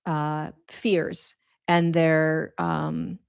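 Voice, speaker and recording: A middle-aged woman talks earnestly to her followers about spiritual matters, rambling and casual, often restarting her sentences. Her voice sits a little low. The sound is close and dry, with no room around it. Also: big pitch swings, extremely slow, vocal fry, clear, resonant tone, dry recording. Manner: earnest, rambling, conversational with many restarts and fillers. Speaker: spiritual teacher.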